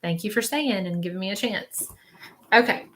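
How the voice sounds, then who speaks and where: At a normal pace, a woman with a medium-pitched, slightly bright voice hosts a live stream as a spiritual medium. Chatty and comforting, she repeats messages, quotes what she relays, and keeps checking on viewers with "okay?" throughout the psychic reading.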